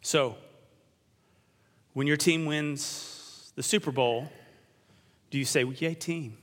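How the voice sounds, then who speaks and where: A male pastor preaching a sermon in a church. He leads the congregation in call and response and drops to a hush on key words. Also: a little high, fairly even intonation, slow. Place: church sanctuary. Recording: long reverb of a large church.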